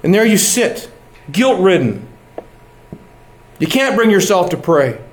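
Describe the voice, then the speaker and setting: A middle-aged male preacher delivering a sermon in a fairly high voice. He speaks earnestly and presses his points with rising emphasis. His voice rings in a roomy, echoing space. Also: big pitch swings, unhurried, a little hiss or hum. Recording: echoey room.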